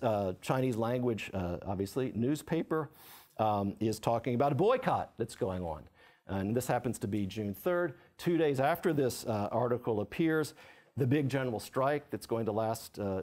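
A man giving an academic book talk as lecturer, halting with many fillers and restarts. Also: medium pitch, darkish tone. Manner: reads quotes aloud with lifted voice. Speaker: author and lecturer.

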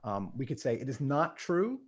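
A man hosting a podcast, explaining logic in a casual, halting way with frequent restarts and a playful tone. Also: mid-range voice, very animated, slightly rough. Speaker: podcast host teaching logic. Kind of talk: casual teaching on a live stream.

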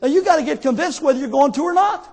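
A man preaches a fervent sermon in a strikingly high voice. His exhortations climb into pleading calls to his listeners. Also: lively intonation, fast, vocal fry, a little mellow. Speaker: pastor.

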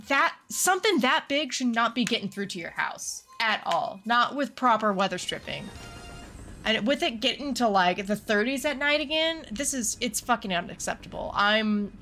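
This is a woman live-streaming from home, talking casually and swearing through a heated rant. Her voice is bright and forceful, sitting a little high. Soft game music plays quietly behind her. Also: moderate pace. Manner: profane, heated ranting. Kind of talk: casual live-stream chat while gaming.

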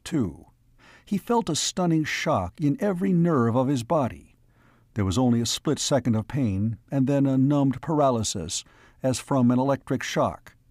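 A man narrating a classic science fiction audiobook in a measured storytelling voice. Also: mid-range voice, a little mellow, no echo, studio quality. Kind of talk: scripted narration.

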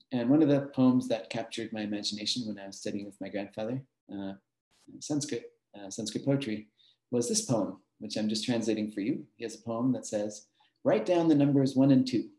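This master class lecture comes from a mathematician whose lowish voice is creaky and mellow. He takes his time explaining, with plenty of fillers and brief laughs, and the recording carries a roomy echo.

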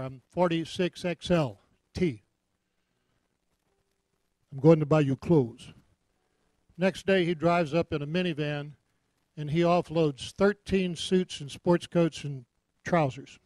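Folksy Texan preacher, higher voice. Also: male voice, darkish tone, no room sound. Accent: Texas. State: hot and sweating. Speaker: visiting minister. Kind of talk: sermon and offering appeal.

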